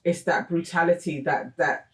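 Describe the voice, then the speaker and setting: A man muses out loud in casual podcast chat, agreeable and reflective. His voice sits slightly high. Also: steady tone, normal speed. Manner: thoughtful, agreeable, musing out loud. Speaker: podcast co-host.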